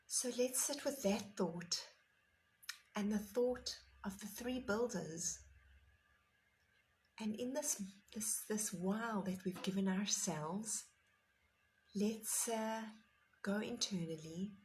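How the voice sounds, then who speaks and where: A woman meditation teacher giving a guided meditation talk, gentle and unhurried, sometimes easing into soft whispers. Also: mid-range voice, slight background noise, rough recording.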